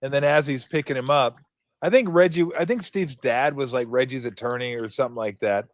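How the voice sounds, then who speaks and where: A man's voice: mid-range voice, fairly quick, dry recording. A man hosting a sports show, asking questions, telling stories and laughing easily in casual chat. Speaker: sports podcast host.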